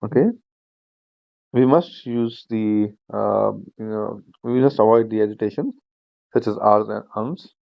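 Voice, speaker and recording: A man teaching an online speaking-skills class, explaining each point slowly and repeating himself, with plenty of fillers like "you know". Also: on the low side, steady tone, vocal fry, no room sound, dull audio. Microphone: shared screen video class.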